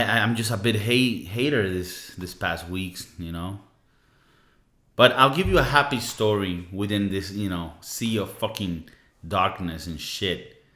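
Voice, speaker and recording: A young man co-hosting a podcast, venting in a casual, profane rant and mocking people with quick impressions. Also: deep voice, sharp tone. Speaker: podcast co-host. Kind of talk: casual ranting monologue. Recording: echoey room.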